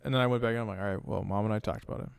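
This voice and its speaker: Rambling dad telling a story. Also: male voice, on the low side, steady tone, racing, gravelly, clean tone, no echo. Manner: rambling anecdotes with acted-out dialogue, swears freely. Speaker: podcast co-host. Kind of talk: casual storytelling chat.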